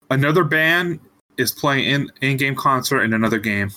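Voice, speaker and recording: A man's voice: medium pitch, lively intonation, a little slow, bright, forceful tone. A man co-hosting a casual gaming podcast, easygoing and agreeable. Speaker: podcast co-host.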